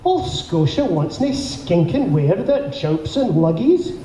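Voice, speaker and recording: A man's voice: sits high, very animated, takes it slowly, dark tone, slight background noise. A man with a Scottish accent addressing a dinner crowd, then reciting a poem in a rolling, declamatory way. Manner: rolling, declamatory delivery with audience cues. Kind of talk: theatrical poetry recitation and audience address. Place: banquet hall at a dinner event. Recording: roomy hall echo, faint ambience.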